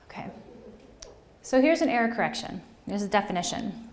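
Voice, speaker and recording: A woman's voice: mid-range voice, fast. Chatty woman presenting to teachers. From New Jersey, US. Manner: lively and conversational, keeps checking in with "okay?". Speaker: conference presenter. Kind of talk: workshop presentation to educators. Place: presentation room.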